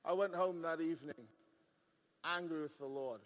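A man preaching a sermon, telling a story and building up to shouting. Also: a little high, moderate pace, big-room sound.

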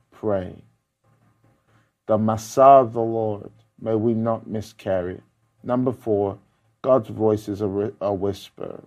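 A man preaching a sermon, repeating key words and swinging between loud emphatic passages and low hushed ones.

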